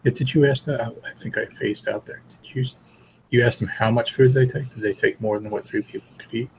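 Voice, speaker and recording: Man tabletop player, rapid speech, faint background hiss. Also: mid-range voice, fairly even intonation, a little mellow, rough recording. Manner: quick, eager questions. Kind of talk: tabletop game chat.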